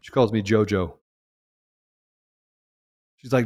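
A man's voice: animated, moderate pace, long pauses, faint music behind. Emphatic man with a reverb. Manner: emphatic, rising to loud peaks and dropping low. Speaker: podcast host. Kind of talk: impassioned political monologue.

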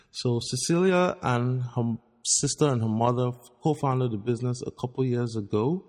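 A man's voice: medium pitch, gravelly, a little mellow. A man with a sore throat hosting a podcast, talking in an upbeat, chatty way. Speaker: podcast host. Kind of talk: casual podcast talk.

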